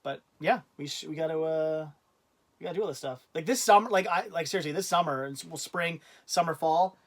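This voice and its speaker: A livestream host with a fairly high voice chats casually and a little fast. He rambles, loses his train of thought, restarts sentences, and laughs easily as he goes.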